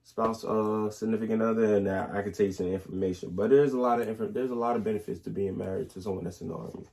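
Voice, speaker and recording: Lowish-voiced young man telling stories. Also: quick pace, gravelly. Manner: animated storytelling, slangy, trailing restarts. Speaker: soldier in the Army, husband. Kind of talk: casual couple Q&A chat.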